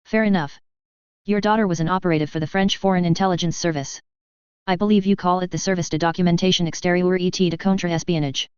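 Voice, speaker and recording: A reader playing a composed young former pilot in a storybook reading, measured and determined. The voice is very smooth and resonant, the recording dry and a little dull. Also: medium pitch, fairly even intonation, no echo, lightly acted. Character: calm, determined young Japanese ex-pilot man.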